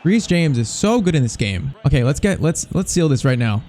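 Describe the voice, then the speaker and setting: A young man commentating live as he plays a football video game, talking excitedly to the players on screen. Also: on the high side, normal speed. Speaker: gaming commentator.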